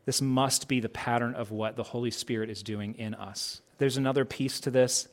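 A man with a mid-range voice speaks at a normal pace with fairly even intonation. He's a pastor delivering a sermon in a casual, conversational style, posing lots of rhetorical questions and acting out snippets of dialogue.

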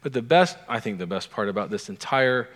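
A man's voice: mid-range voice, animated, a little fast, fairly bright tone. A man preaching a sermon in a conversational way, putting many questions to his listeners. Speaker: pastor. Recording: long hall reverb.

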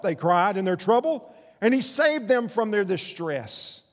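A man's voice: high-pitched, very animated, unhurried, big-room sound. A man preaching a sermon, reading scripture aloud with rising emphasis and putting questions to the congregation. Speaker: pastor.

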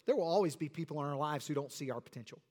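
A man's voice: a little high, expressive, very fast, mellow. A man preaching a sermon to his church with emphatic, rhetorical delivery. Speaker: pastor.

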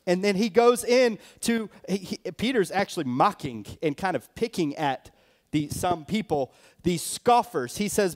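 A man with a high voice preaches a sermon as a church elder. He delivers it expressively, jumping up to mock scoffers and dropping low and quiet to drive a point home. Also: measured pace. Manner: expressive, mocking scoffers in a raised voice, dropping low and soft for emphasis.

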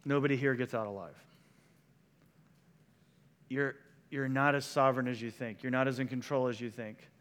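Pastor preaching in a reverberant hall. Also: male voice, medium pitch, fairly even intonation, normal speed, long pauses, fairly bright tone, clear, resonant tone. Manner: conversational preaching, shifts into quoted voices. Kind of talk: sermon.

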